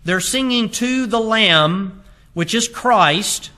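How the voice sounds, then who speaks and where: Male pastor, higher-pitched and bright, emphatic sermon delivery that swells and drops. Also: slow pace. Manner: emphatic preaching, reads scripture aloud in King James wording; rises in force on key phrases, drops low and quiet on others.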